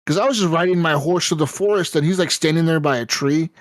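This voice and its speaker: Man, podcast co-host, casual chat, animated storyteller, frequent swearing, fairly high voice, dry sound. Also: quick pace, no room sound.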